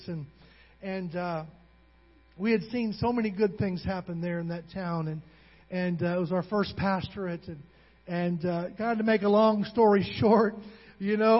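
A man preaching a sermon as pastor, calling out to the congregation and repeating words as he gets emotional. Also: high-pitched. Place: church hall. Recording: dull recording in a reverberant hall.

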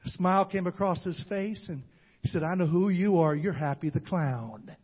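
An older man preaching a sermon as pastor, with call-and-response and rising to shouts. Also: high voice, moderate pace, slightly rough, long reverb tail. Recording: dull lo-fi sound.

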